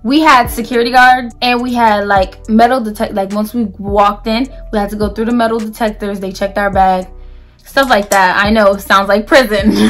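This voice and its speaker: A woman's voice: mid-range voice, fairly even intonation, normal speed, fairly bright tone, faint music behind. A young woman from New Jersey telling a personal story in a casual storytime vlog, chatty and full of "like"s and restarts. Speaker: vlogger.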